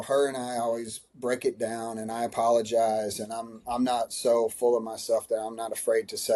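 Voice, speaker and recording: A man, a high school running coach, answering in a podcast interview, earnest and emotional, with many restarts. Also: a little mellow.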